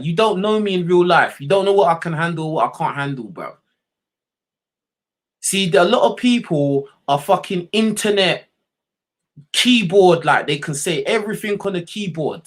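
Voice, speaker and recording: Young streamer, slightly high voice, heated profane rant to chat. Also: male voice, lively intonation, moderate pace, fairly bright tone. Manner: blunt, profane, heated, repeats "you know what I mean". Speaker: livestream host. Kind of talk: unscripted rant to livestream chat.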